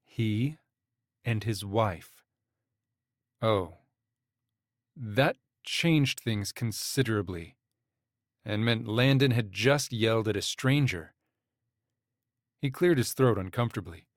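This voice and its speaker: A man narrating a romance audiobook in an even, measured way. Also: lowish voice, dry recording, studio quality. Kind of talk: scripted narration.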